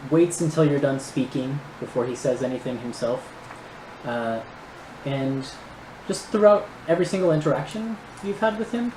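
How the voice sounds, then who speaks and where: A game master narrating a tabletop game in a casual way, with frequent fillers and laughs. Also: medium pitch. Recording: roomy echo, noisy stream audio.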